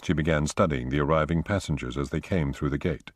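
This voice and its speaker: Deep-voiced man reading a thriller. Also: fast, dry recording, clean studio sound. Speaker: audiobook narrator. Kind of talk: scripted narration.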